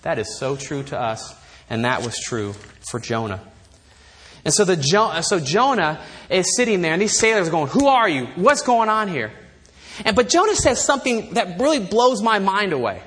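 A man preaching a sermon in a church, emphatic and animated, with wry asides. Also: high-pitched, moderate pace. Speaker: pastor. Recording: long reverb of a large hall.

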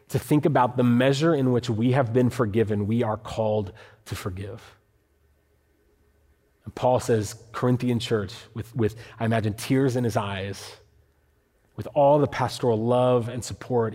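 A man's voice: medium pitch, a little slow, a little mellow. A man preaching a sermon, reading scripture earnestly and building to emphatic passages. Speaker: pastor. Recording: hall reverb.

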